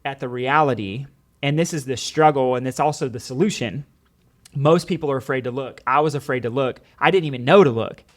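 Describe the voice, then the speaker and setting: A man's voice: medium pitch, brisk. Earnest man telling teaching stories. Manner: earnest storytelling with many "like"s and quoted dialogue. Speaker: podcast guest, former teacher. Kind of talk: casual podcast conversation.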